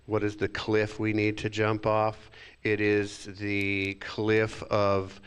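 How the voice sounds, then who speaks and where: A man's voice: fairly low pitch, monotone, slow pace, fairly bright tone, clean tone. A male minister giving a reflective sermon, sometimes acting out inner thoughts with sighs.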